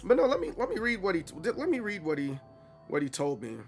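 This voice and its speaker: Animated man streaming and chatting. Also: sits high, fast talker. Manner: chatty, animated, playfully dramatic. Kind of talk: casual livestream chat while gaming.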